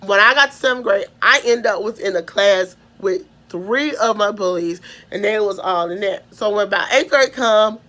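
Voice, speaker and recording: A woman's voice: mid-range voice, moderate pace, few pauses, a bit bright. A woman from Mississippi with a Southern American accent, telling a personal story in a rambling way, full of restarts and trailing "da, da, da" fillers. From Mississippi, USA. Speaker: vlogger.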